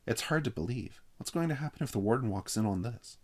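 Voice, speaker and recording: A man's voice: medium pitch, lively intonation, fast, a little mellow, voice pushed up, close to an everyday voice. A man voicing a nervous teenage boy who talks hesitantly. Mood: worried. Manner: hesitant, stammering.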